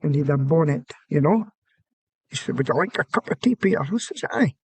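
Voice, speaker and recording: Gravelly older Aberdeen Scottish man. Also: a little high, lively intonation, a little fast, no echo. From Scotland. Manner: rambling anecdotes, acts out quoted dialogue. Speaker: guest, former soldier. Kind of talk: storytelling interview.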